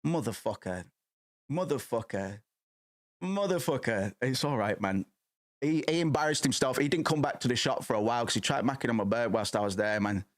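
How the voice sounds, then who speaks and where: A man's voice: medium pitch, quick pace. A man in his thirties chatting casually as a streamer, rambling, swearing freely and restarting his sentences. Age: 30s. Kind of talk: casual chat.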